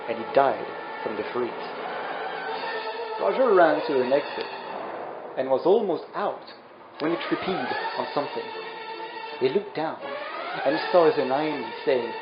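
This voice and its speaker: Slow, melodramatic male storyteller. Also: mid-range voice. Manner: over-dramatic, melodramatic swings. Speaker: narrator. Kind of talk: comedic dramatic reading. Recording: roomy, dull lo-fi sound. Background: music.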